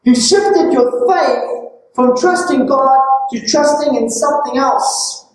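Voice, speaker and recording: A woman's voice: sits high, slow pace. A woman preacher giving a sermon, often asking questions to engage her listeners and stressing her points. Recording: very echoey hall, distant mic.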